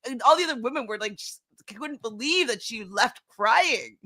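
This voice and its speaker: Bright-voiced woman guest, laughing easily. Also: on the high side, animated, normal speed. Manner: laughs easily, restarts her sentences. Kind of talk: casual chat.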